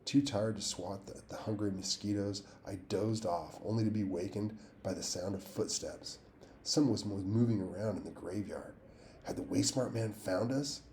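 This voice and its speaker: A man reading a novel aloud in a steady, plain way, with small slips and restarts. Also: deep voice, gravelly, a little hiss or hum. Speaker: audiobook reader.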